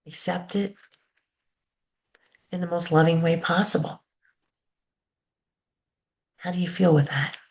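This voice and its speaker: A woman reverend giving a sermon, calmly leading the congregation through affirmations and a guided meditation. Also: fairly low pitch. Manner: slow, calm, leads call-and-response affirmations.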